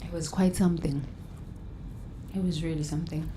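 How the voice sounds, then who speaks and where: A woman hosting a guided breathing session and self-help talk, counting breaths slowly and soothingly, with loud sighs. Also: deep voice, steady tone, a little hiss or hum. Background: faint instrumental music.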